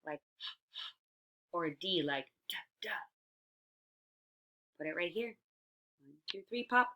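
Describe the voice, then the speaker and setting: A woman teacher giving a phonics lesson to young children, sounding out letters slowly and praising often. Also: mid-range voice, lively intonation, a bit bright. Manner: slow, stretched-out letter sounds, encouraging. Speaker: early-years teacher.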